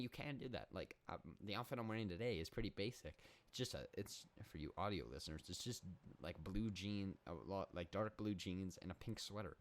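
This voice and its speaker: A young man delivers a comedic solo monologue with mock-serious confidence. He rambles, doubles back and corrects himself. His voice sits on the low side. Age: young adult. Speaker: podcast host.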